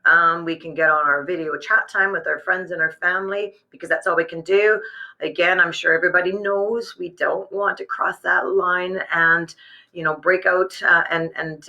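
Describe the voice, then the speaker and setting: A woman's voice: fairly low pitch, pushed and bright, dull audio. A woman hosting a live business webcast from her home workspace, talking in a chatty, rambling way with many fillers and restarts. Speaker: host.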